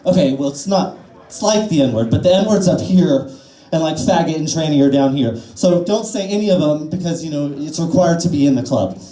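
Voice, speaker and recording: A woman's voice: low voice, expressive, a little fast, hardly any pauses, dark tone. A trans woman in her twenties doing a crude, self-deprecating stand-up set, rambling with fillers. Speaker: stand-up comedian. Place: small cafe-bar stage. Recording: echoey bar room.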